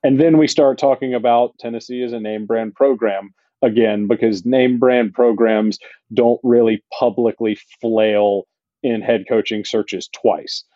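A man of middle pitch co-hosts a casual sports podcast, his talk halting and full of restarts. The recording is dry and dull, with a lo-fi edge. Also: fairly even intonation, no room sound. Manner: halting, many restarts and fillers. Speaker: podcast co-host.

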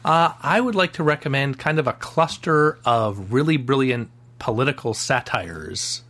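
A man on a podcast panel, explaining his recommendations in a measured way. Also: medium pitch, expressive, a bit bright. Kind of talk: casual panel chat.

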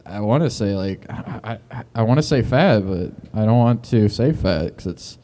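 A man's voice: on the low side, moderate pace, dark tone, slight background noise. Stammering man over-explaining his jokes. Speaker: comedian guest. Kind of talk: deliberately awkward stand-up bit.

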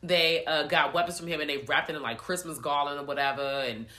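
A woman co-hosting a podcast, retelling a movie in animated, profane casual chat full of slang. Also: low voice, brisk. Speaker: podcast co-host reviewing a film.

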